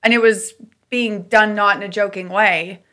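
Bright-voiced young woman telling a candid story. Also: medium pitch, fairly even intonation, moderate pace. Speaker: podcast co-host. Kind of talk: casual podcast chat, storytelling.

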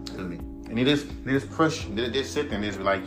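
A man's voice: medium pitch, brisk, music in the background. A man hosting his own podcast, a rapper ranting in a laid-back, rambling, profane way. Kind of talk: casual monologue.

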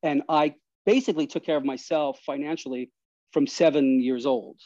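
Animated New man telling stories. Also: fairly high pitch, normal speed, dry recording. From New York. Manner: animated, restarts, laughs mid-story. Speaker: podcast guest. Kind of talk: casual storytelling. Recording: slightly dull dry recording.

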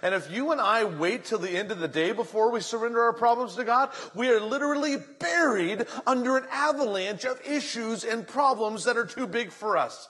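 A male pastor giving a lively, conversational sermon in a church sanctuary. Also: high-pitched.

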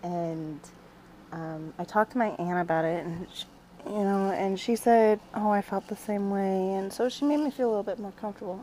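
A young woman hosting a podcast, talking in a halting, confessional way as she shares a personal story. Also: mid-range voice, fairly even intonation, mellow, slight background noise, rough recording. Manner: emotional, confessional, halting with restarts. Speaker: podcast host.

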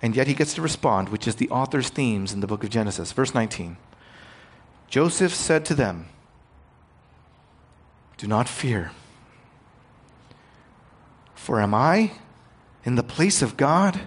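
A man preaching a sermon, growing loud and emphatic on key points and retelling scripture in casual modern paraphrase. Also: mid-range voice, expressive, a little slow, long pauses, husky. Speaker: pastor.

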